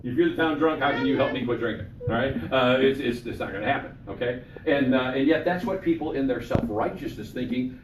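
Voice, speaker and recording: A man's voice: mid-range voice, fast talker, hardly any pauses, a little hiss or hum. A man leading a Bible study as pastor, talking conversationally, repeating himself and checking in with his listeners. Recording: echoey room from far off.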